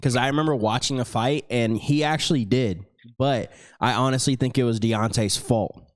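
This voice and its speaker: A man's voice: medium pitch, moderate pace, dry recording. Swearing, rambling podcast co-host man. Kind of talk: casual chat.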